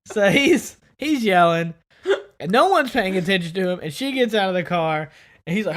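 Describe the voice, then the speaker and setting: A man co-hosting a podcast, telling a story in casual chat and acting out the people in it. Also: normal speed. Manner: animated, acts out quoted people with big pitch jumps. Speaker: podcast co-host.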